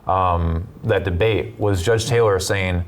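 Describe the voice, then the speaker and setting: A man giving political commentary on a talk show, telling stories and speeding up to make his points. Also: deep voice. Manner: animated storyteller, quick bursts when making points.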